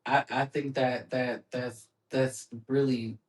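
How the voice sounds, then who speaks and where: A man's voice: mid-range voice, level tone, slow. A man hosting a podcast, talking in a casual, encouraging way with frequent restarts and playful asides. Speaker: podcast host. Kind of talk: casual interview chat. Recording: roomy echoing room.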